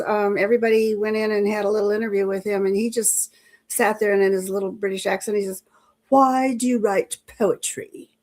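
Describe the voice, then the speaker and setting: An older woman, a guest author in a casual interview, telling anecdotes with frequent chuckles and restarts. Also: fairly high pitch.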